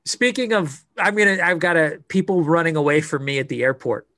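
A man's voice: a little high, expressive, a little fast, bright, forceful tone, no room sound. A man co-hosting a podcast in easygoing casual chat, often giving short replies. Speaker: podcast co-host.

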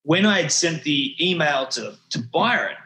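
A slangy Australian man in his thirties tells rambling stories as an interview guest, restarting his sentences often. His voice is bright and sits a little high for a man. The room around him rings with echo. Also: big pitch swings, normal speed. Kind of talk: casual interview chat.

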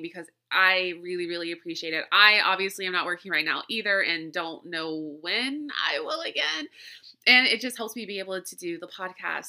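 A woman's voice: fairly low pitch, pushed and bright. A woman hosting a podcast, talking in a chatty, rambling way and laughing often. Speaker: podcast host. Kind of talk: casual podcast monologue.

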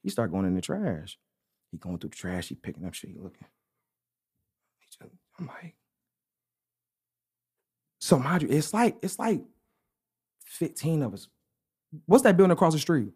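A man's voice: mid-range voice, a little fast, long pauses, husky. A young adult man co-hosting a podcast, telling a story in slangy casual chat and saying "bro" often. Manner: slangy, animated anecdote telling with repeated "bro". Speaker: podcast co-host.

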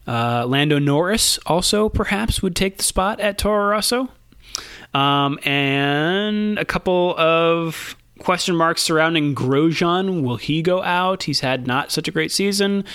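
A man hosting a casual podcast chat, relaxed, laughing easily and filling pauses with ums and uhs. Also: fairly high pitch, clean tone, dry recording, studio quality. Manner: relaxed, laughs often, many fillers. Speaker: podcast host.

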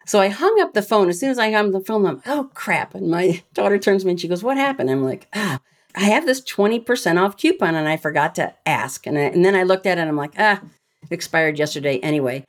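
A woman guest on a podcast interview, telling lively anecdotes and laughing often. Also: fairly low pitch, quick pace. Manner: animated storyteller, laughs often. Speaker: guest, retired rear admiral and speaker. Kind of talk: casual interview chat.

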